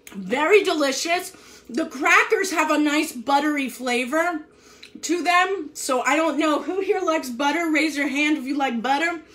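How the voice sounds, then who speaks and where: A woman's voice: high-pitched, fairly bright tone. A woman hosting a live cooking demo, chatty and upbeat, talking to viewers while she cooks and tastes. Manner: chatty, upbeat, eats and talks at once. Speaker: cooking show host. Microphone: live stream from a kitchen.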